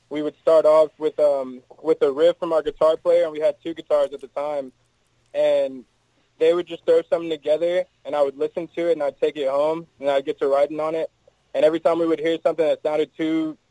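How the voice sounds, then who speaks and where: Mellow-voiced Texan singer, dry and close. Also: male voice, on the high side, steady tone, brisk, dry recording, rough recording. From Texas, USA. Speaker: band lead singer, guest. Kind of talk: casual interview answers.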